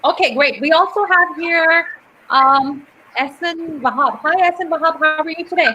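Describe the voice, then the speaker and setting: Bright, high-voiced woman English teacher. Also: normal speed, slight background noise, rough recording. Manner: patient, corrects pronunciation clearly. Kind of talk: live online lesson.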